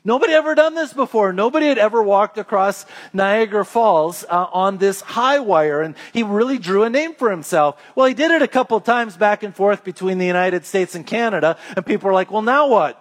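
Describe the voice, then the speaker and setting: A man preaching a sermon as a pastor, telling a story with lively crowd voices before growing quiet and earnest. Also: high voice, brisk, few pauses.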